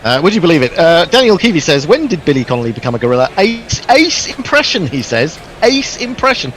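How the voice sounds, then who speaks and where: A man's voice: fairly high pitch, big pitch swings, brisk, fairly bright tone, slight background noise. A man hosting casual cricket commentary, hesitant with many ums, reading out listener messages.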